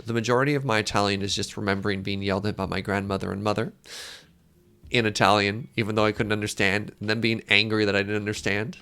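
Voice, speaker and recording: Gravelly-voiced man streaming with chat. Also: fairly low pitch, flat delivery, quick pace, sharp tone. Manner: joking, self-deprecating, chats with viewers. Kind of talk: casual live-stream chat while gaming.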